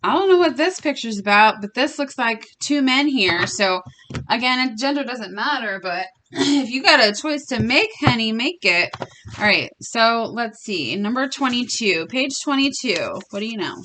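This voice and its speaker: A young woman chatting casually in a tarot reading vlog, blunt and quick to swear, laughing often. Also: a little high, lively intonation, sharp tone, a little hiss or hum. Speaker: tarot reader and vlogger.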